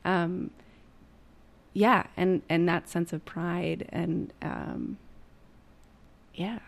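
A woman performer speaking reflectively in casual conversation, pausing and searching for words. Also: lowish voice, fairly even intonation, vocal fry.

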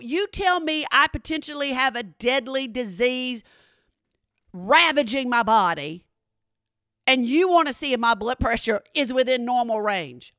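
A woman telling a funny personal story in an animated, exasperated way, talking straight to her listeners. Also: on the high side, unhurried, no echo, clean studio sound. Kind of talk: comedic storytelling monologue.

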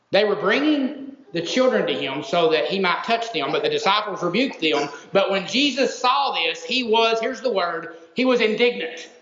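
A man's voice: high-pitched, a bit bright, a little hiss or hum. A male pastor preaching a sermon, emphatic and stacking repeated words for stress. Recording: roomy echo, dull lo-fi sound.

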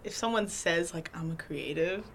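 A young woman co-hosting a student podcast, chatting casually in a slightly raspy voice. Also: on the low side, normal speed, a bit bright, a little hiss or hum. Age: young adult. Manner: chatty, frequent "mm-hmm" backchannels. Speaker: co-host.

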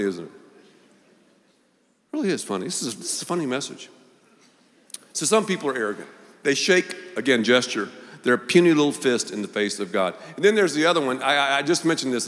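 Male pastor, sermon, animated storytelling, mid pitch, long church reverb. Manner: animated storytelling, acting out voices. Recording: long reverb of a large hall.

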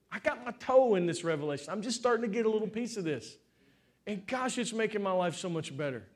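Male pastor, high voice, heartfelt sermon delivery that swings between fervent and soft. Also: animated, fast talker. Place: church stage with congregation.

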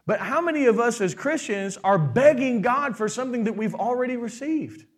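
A middle-aged male pastor delivers a sermon in a high voice. He preaches with animation, acting out the voices in his stories and stopping to quiz the congregation. His delivery moves between fast runs and slow, stressed phrases. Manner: animated preaching, acts out quoted voices, asks the crowd questions.

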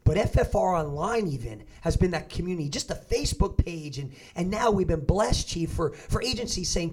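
A man's voice: fairly high pitch, very animated, moderate pace, husky. A man hosting a podcast, talking earnestly and encouragingly in a casual conversation. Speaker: podcast host and fitness coach.

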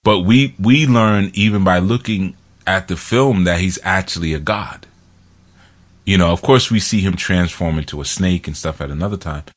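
A man's voice: deep voice, moderate pace. A man talking in a rambling, casual monologue, laughing often and acting out quotes from films.

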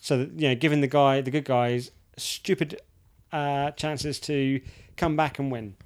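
A man's voice: medium pitch, steady tone, unhurried. A man in his thirties ranting in casual chat, swearing freely and restarting his sentences.

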